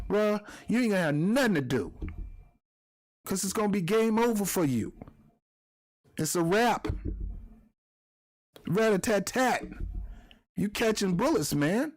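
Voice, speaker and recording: A man's voice: high-pitched, lively intonation, measured pace, long pauses. Fired-up man ranting. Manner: emotional, fired up. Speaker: video commentary host. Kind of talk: heated commentary rant.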